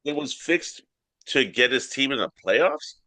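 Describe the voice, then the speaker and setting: A man co-hosting a comedy podcast, telling absurd deadpan stories and squeaking up high when he quotes his mom. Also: unhurried, dry recording. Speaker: podcast co-host. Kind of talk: casual comedic chat.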